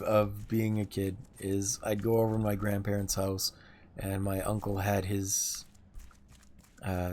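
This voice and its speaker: A man in his thirties chatting casually and rambling while livestreaming a game, chuckling often. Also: lowish voice. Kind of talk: casual chat while gaming.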